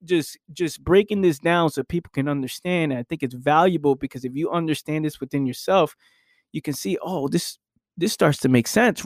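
A man's voice: a little high, dry recording, clean studio sound. A young man hosting a solo podcast, talking casually and reflectively, with "right?" tagged onto his points. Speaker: podcast host.

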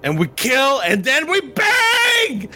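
A man voicing a boastful, war-hungry goblin king who shouts in broken speech. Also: very high voice, huge pitch swings, slow, pitched above the performer's own voice, exaggerated voice.

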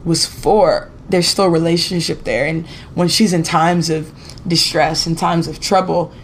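A woman's voice: lowish voice, fairly even intonation, unhurried, a little hiss or hum. A woman telling a story as a guest singer on a podcast interview, chatty and rambling, full of "like" and "you know".

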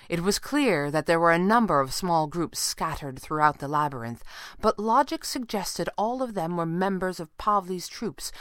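Female audiobook narrator, low voice, dry close sound, steady storytelling. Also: dry recording. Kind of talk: scripted narration.

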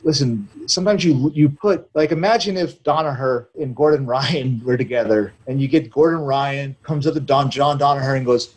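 An earnest man in his thirties talks through his coaching life in a loose, rambling podcast chat. He often slips into little acted-out exchanges with students. His voice sits at an ordinary middle pitch. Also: normal speed, hardly any pauses, darkish tone, poor audio. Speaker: jiu-jitsu coach and gym owner. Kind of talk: casual podcast conversation.

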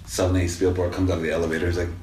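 A man in casual interview chat, talking in a relaxed, rambling way with many restarts. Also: deep voice, rapid-fire. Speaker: guest actor. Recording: distant mic in echoey room, faint noise.

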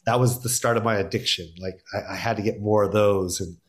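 A man's voice: on the low side, fairly even intonation, brisk. A middle-aged man, a stand-up comedian, telling stories in casual podcast talk, acting out quotes and laughing often.

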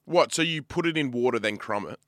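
A man's voice: mid-range voice, lively intonation, a little fast, fairly bright tone, no room sound, studio quality. A young Australian man co-hosting a podcast, joking and swearing freely in casual banter. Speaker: podcast co-host. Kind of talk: casual chat.

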